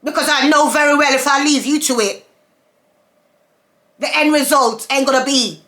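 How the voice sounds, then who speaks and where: In a casual to-camera monologue, an adult woman who vlogs and has several children rants emphatically, repeating herself and firing off rhetorical questions. Her high voice moves at a moderate pace with a fairly bright tone.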